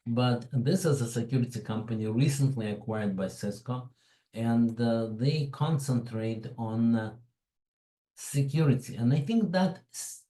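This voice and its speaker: A man's voice: medium pitch, measured pace, dark tone, roomy sound, rough recording. A man with a foreign accent presenting a tech webinar in a chatty, digressive way, with frequent asides. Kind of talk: informal tech webinar talk.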